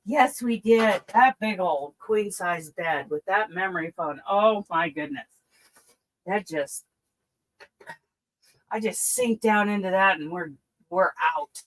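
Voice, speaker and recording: A woman's voice: mid-range voice, measured pace, poor audio. A woman hosting a casual live stream who coos to her pet in sing-song baby talk between chatty remarks. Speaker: crochet channel host.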